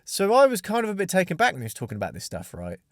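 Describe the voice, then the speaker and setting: A man's voice: high voice, wildly swooping pitch, racing, no room sound, studio quality. A young man hosting a podcast, telling a rambling, sweary story in casual chat. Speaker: podcast host.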